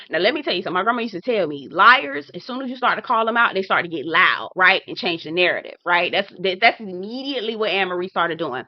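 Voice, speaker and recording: A woman's voice: fairly low pitch, quick pace, hardly any pauses, dry recording, muffled recording. A woman recapping a reality TV episode in casual, blunt, profane talk. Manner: sassy, blunt, profane, animated. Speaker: TV recap host.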